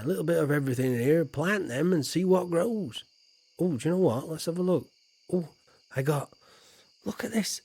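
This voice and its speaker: Middle-aged English man, casual game streamer, mid-pitched, rambling and playful with mumbled asides. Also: darkish tone, breathy edge, no room sound. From England. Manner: chatty and playful, muttering asides, trailing off. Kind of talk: casual live-stream gameplay chat.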